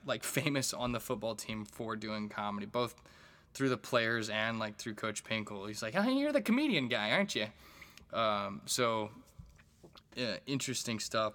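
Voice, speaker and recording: Low, bright-voiced comedian telling stories. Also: male voice. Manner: rambling, profane, frequent fillers and restarts. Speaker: stand-up comedian and podcast host. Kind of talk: casual storytelling monologue.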